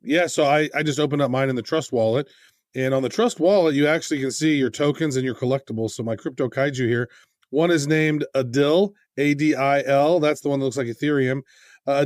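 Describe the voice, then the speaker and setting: A man's voice: a little high, dry recording, studio quality. Upbeat man co-hosting a podcast. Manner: reads card descriptions, quick asides. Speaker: podcast co-host. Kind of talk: casual chat.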